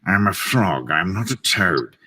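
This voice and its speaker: A man voicing a snooty, fancy frog gentleman with a put-on French accent, haughty and drawling. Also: low voice, big pitch swings, measured pace, slightly rough, recorded from a distance, voice pushed down, full character voice.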